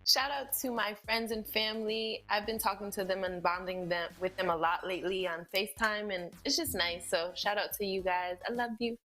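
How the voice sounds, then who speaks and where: A woman's voice: medium pitch, steady tone, brisk, hardly any pauses, bright, forceful tone. A woman co-hosting a live-stream party game, chatty and giggly. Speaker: co-host and game player. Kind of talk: casual live-stream chat.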